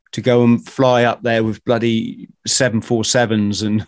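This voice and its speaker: A man hosting a podcast, talking in an animated, ranting way and swearing casually. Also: mid-range voice, no room sound, studio quality. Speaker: podcast host.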